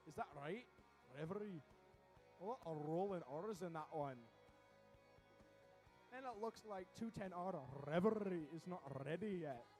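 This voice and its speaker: A man giving lively, quick play-by-play commentary at a robotics competition, with joking asides between matches. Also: high-pitched. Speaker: event commentator.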